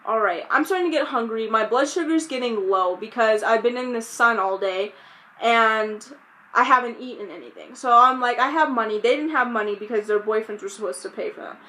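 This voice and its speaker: A young woman tells a storytime vlog in a bright, high voice. She retells the events with animated exasperation and keeps quoting her own reactions. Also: a little fast. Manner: animated, exasperated retelling with quoted self-talk. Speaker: vlogger.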